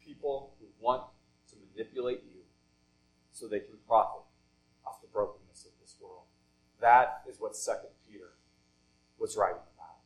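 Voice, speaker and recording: A male pastor preaching a sermon in deliberate phrases, often falling soft and low at the end of a thought. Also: rough recording.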